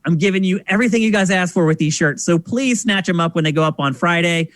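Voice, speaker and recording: A man's voice: high voice, fast, no echo, studio quality. A man hosting a casual podcast, telling stories and doing voices for the people in them. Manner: animated storyteller, acts out voices. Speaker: podcast host.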